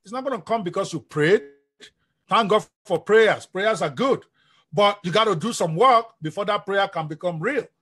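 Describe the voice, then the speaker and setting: Energetic coach, male, high husky voice, live-stream delivery. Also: moderate pace. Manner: energetic, preacher-like, asks the audience questions. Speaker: business coach.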